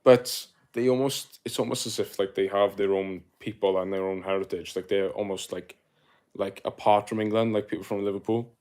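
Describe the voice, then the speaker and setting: A young man with a South Welsh accent chats loosely on a livestream, his voice sitting a little low. He rambles through fillers and restarts and laughs easily while reacting to comments. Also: fairly even intonation, moderate pace, darkish tone. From Wales. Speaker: livestream host. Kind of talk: casual livestream chat reading comments.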